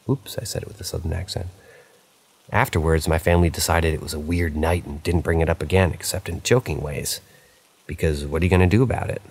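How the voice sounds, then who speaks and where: A man narrating true paranormal stories aloud, reading in a plain, unhurried way with small slips. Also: sits low, slightly rough. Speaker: story narrator.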